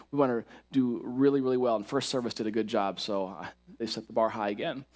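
A male pastor giving a sermon in a church, talking in a lively, conversational way with asides to the congregation. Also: mid-range voice. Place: church sanctuary.

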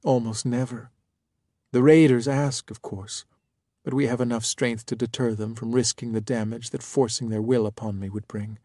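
A soft-spoken, innocent-seeming woman ruler from another world, earnest and a little naive, as a male narrator puts her on. Dry, close audiobook sound. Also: medium pitch, steady tone, moderate pace, no echo, lightly acted. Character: alien female ruler, gentle, innocent-seeming, thirties.

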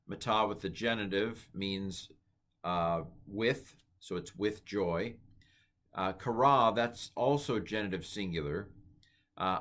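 A man giving a casual Bible Greek lesson, thinking aloud with many fillers and slowly repeating words to try out their pronunciation. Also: on the low side. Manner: relaxed, thinking aloud with many ums and uhs. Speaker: Greek teacher. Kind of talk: informal Bible language lesson.

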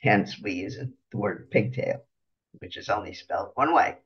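A man giving an unhurried slide-show lecture, pausing often as he explains each picture. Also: fairly low pitch, animated, slightly rough, lo-fi sound.

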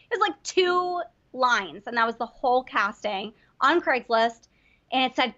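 Bright, high, bubbly young woman. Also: measured pace, dull audio. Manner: bubbly, giggly storyteller. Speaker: guest voice actor. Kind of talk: casual interview chat.

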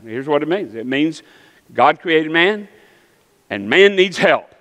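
High, bright-voiced preaching pastor. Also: male voice, big pitch swings, takes it slowly, long pauses. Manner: emphatic preaching, calls for amens. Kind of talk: sermon. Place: church sanctuary. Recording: long church reverb.

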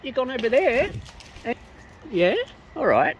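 A woman's voice: a little high, very animated, slow pace. A woman outdoors feeding wild cockatoos, chatting to them in a playful, teasing baby-talk way. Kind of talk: casual chat to birds. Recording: noisy outdoor recording. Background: bird calls and outdoor ambience.

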